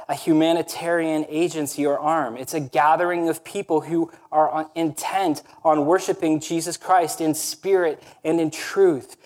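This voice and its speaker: A male pastor delivering a sermon in a somewhat high voice. He preaches earnestly and with emphasis, often checking in with his listeners through a quick rhetorical question. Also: darkish tone.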